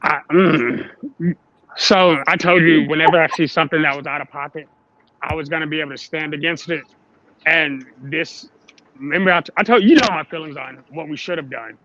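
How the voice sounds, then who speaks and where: A man's voice: on the high side, brisk, sharp tone, no room sound, muffled recording. A man co-hosting a casual live stream, talking bluntly and plainly. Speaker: show co-host.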